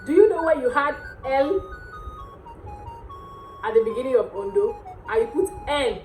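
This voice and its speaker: A Nigerian woman hosting a casual language lesson, repeating words slowly and laughing often. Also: high-pitched, expressive, a little mellow. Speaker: dialect teacher and channel host. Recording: echoey room with faint music.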